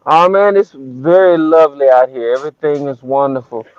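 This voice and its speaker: A man's voice: on the high side, normal speed, clear, resonant tone, no room sound, muffled recording. A man from Alabama, calling in to a talk show and making his point with emphatic, preachy rhetorical questions. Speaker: caller. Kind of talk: call-in show chat.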